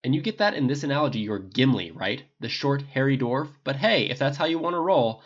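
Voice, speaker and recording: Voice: mid-range voice, animated, fairly quick, voice pushed up, natural voice. A reader voicing a laid-back male archer who teases his teammates casually in a dull lo-fi recording. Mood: teasing. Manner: casual, teasing, whooping.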